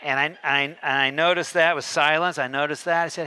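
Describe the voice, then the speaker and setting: A man giving a keynote talk on a conference stage, telling a story and acting out the dialogue with lively shifts in tone. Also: on the high side, brisk, hardly any pauses, smooth. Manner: animated, acts out dialogue with shifting tones. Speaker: keynote speaker.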